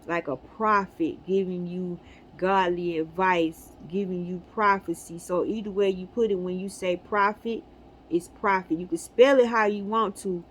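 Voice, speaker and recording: A woman speaks to her viewers in casual, preachy spiritual talk, stressing her points hard and breaking into laughter. Her is loose and conversational. Faint background noise sits under her voice. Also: medium pitch. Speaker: spiritual video host.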